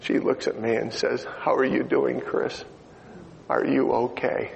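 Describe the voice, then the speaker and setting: A man's voice: medium pitch, flat delivery, measured pace, creaky. An older man preaching a sermon. He tells an emotional story and turns to ask his listeners things. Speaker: pastor. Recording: lo-fi recording in a reverberant hall, faint noise.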